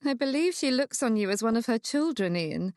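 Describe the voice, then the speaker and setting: A woman voicing a kindly young sister-in-law who speaks in a reassuring, warm manner. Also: fairly high pitch, lively intonation, brisk, no echo, clean studio sound. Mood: explaining.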